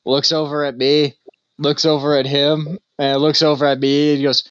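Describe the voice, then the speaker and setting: A man co-hosting a podcast, telling a rambling story in casual chat and laughing often, with a deadpan delivery when quoting himself. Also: on the high side, moderate pace, clean tone, no room sound, highs cut off. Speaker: podcast co-host.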